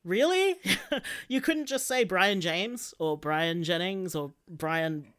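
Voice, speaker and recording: A woman with an Australian accent co-hosting a comedy podcast, chatting casually in an exasperated, incredulous way with halting restarts. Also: lowish voice, lively intonation, fairly bright tone. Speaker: podcast co-host.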